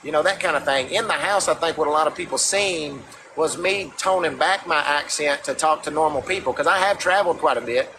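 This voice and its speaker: A man's voice: on the high side, fairly quick, hardly any pauses, background noise. A man with a Southern US accent telling stories in a casual livestream chat, talking through a phone. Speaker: former reality show contestant.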